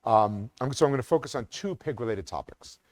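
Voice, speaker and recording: A man's voice: mid-range voice, lively intonation, a little fast, dry recording. A middle-aged man giving a community lecture as an academic, speaking with occasional ums and restarts. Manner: reads quotes with sing-song emphasis, some restarts and ums.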